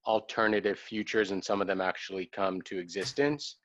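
A man throwing in wry questions during a casual chat. His voice is fairly low, and the recording is dry, dull and lo-fi. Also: steady tone, fairly quick, fairly bright tone, no echo.

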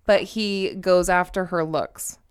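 Young woman with a smooth clear voice, acts out what people said. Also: fairly low pitch, slow. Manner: animated retelling, acts out quotes. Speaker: podcast co-host. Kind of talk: casual chat.

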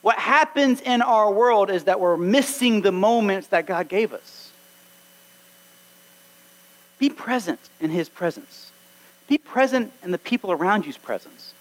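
A man's voice: sits high, expressive, unhurried, long pauses, rough recording. A man preaching a sermon as pastor to his church, earnest and exhorting, acting out little snatches of conversation. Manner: earnest, exhorting, acts out quoted dialogue.

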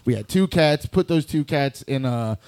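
A man telling a comedic story on a podcast, laid-back and profane, slipping into quick voices for the people he quotes. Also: mid-range voice, expressive, darkish tone, smooth. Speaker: guest storyteller.

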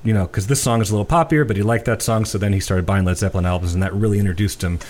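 A middle-aged man with a lowish voice chats casually about old songs. He tells stories in a loose, rambling way, full of restarts and fillers. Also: steady tone, rapid-fire, a little mellow. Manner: chatty storyteller, many restarts and fillers. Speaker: podcast co-host. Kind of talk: casual music chat.

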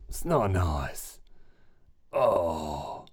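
Guy doing a sick coughing son, weak breathy voice, low. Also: very animated, extremely slow, full character voice. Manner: breathy and feeble, trailing off. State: coughing and faint.

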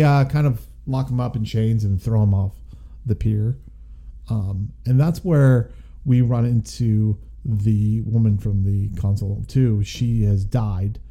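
A man's voice: fairly low pitch, warm tone. A man co-hosting a podcast, reviewing a film in casual, rambling chat with jokey asides. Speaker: podcast co-host.

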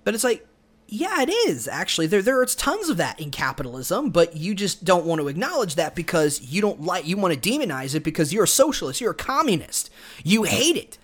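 A man hosting a solo podcast, giving opinionated, argumentative commentary straight to the listener. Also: high voice. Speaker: podcast host.

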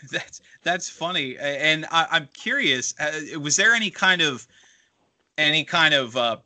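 A man co-hosting a wrestling talk show, asking long, halting questions with many restarts. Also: fairly high pitch, expressive, bright, forceful tone. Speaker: podcast co-host interviewer. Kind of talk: casual interview.

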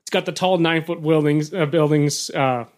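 A man telling a profane, animated story on a casual radio show, acting out what people said. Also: fairly high pitch. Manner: fast animated storytelling, profane, acts out quotes. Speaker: guest storyteller.

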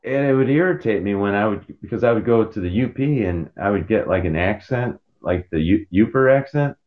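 Brief: male podcast co-host, rambling and jokey, lively up-and-down pitch, dull lo-fi audio. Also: fairly quick. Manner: rambling, jokey, animated, meandering. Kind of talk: casual chat.

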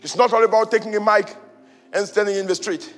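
Brief: very high-pitched male pastor, repetitive preaching that swells to shouts, long church reverb, soft music beneath. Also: steady tone, fairly quick. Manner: repetitive rhetorical questions, rising to shouts. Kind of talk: sermon. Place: church hall. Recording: reverberant hall with faint music.

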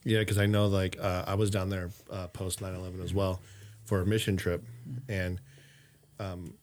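Man, podcast host, slightly low voice, casual chat, rambling, filler-heavy. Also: level tone, normal speed.

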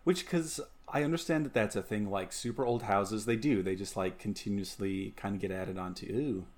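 A man's voice: on the low side, darkish tone. A man co-hosting a casual movie watch-along podcast, agreeing easily and trailing off mid-thought. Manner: agreeable, halting, lots of "yeah". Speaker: podcast co-host.

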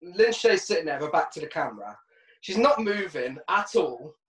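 A woman's voice: low-pitched, big pitch swings, moderate pace. A woman co-hosting a casual podcast, retelling a film's plot with sarcasm and frequent laughter. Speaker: podcast co-host. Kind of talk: casual film recap chat. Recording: echoey room, distant from mic.

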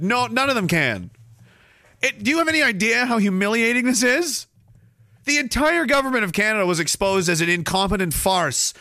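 A man with a high, piercing voice hosts his podcast in a profane, sarcastic rant. He mocks everything he talks about. The sound is dry and close, with no room echo. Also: sharp tone. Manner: mocking, sarcastic, swears constantly. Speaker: podcast host.

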